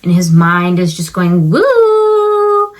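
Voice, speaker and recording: A woman's voice: mid-range voice, moderate pace, fairly bright tone, poor audio. A young woman talking casually about a film, chatty and full of fillers, now and then acting out the characters' lines. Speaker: film commentator. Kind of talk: casual film review vlog.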